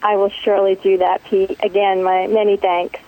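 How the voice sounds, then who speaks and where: A woman appears as a guest on a money-advice podcast, speaking earnestly and politely. Her voice sits at a mid pitch with a mellow, dark tone. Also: flat delivery, normal speed, rough recording. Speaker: caller seeking financial advice. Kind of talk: casual advice chat.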